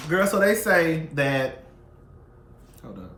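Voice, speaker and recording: A man hosting a casual gossip commentary channel, sassy and profane, swinging between loud outbursts and soft asides. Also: fairly high pitch, very animated, drawn-out words, echoey room, a little hiss or hum. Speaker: YouTube commentary host.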